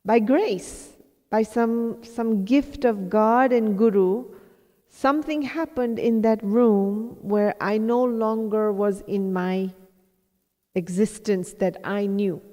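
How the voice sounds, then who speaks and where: A woman's voice: mid-range voice, slow pace, warm tone. A woman from India telling a personal story to a live audience as a spiritual teacher, reflective and self-mocking, quoting her own thoughts in asides. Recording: long hall reverb.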